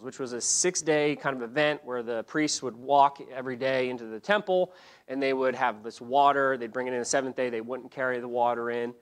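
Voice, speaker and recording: A man teaching a church Bible lesson, telling the story in an animated way, acting out the quotes, often restarting his sentences. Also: medium pitch, a little fast, clean tone.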